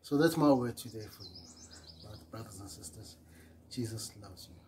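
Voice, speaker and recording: A man's voice: fairly low pitch, animated, normal speed, heavy background noise. A man giving a short devotional sermon, earnest and repetitive, reading scripture and stopping to correct himself. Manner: earnest and repetitive, often trailing off quietly at phrase ends; reads scripture aloud, correcting himself with small apologies. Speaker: preacher.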